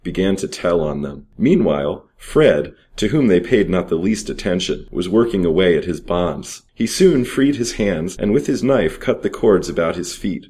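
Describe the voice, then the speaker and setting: A man reading aloud an old adventure story and period advertisements in a steady, measured way. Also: deep voice. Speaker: reader.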